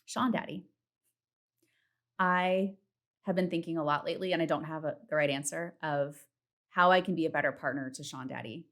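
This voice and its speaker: A woman in her thirties hosting a casual solo podcast from home, chatty and candid, swearing freely and acting out her self-talk in a high voice. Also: fairly even intonation, moderate pace, long pauses, fairly bright tone. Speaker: podcast host. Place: home, partner in the next room.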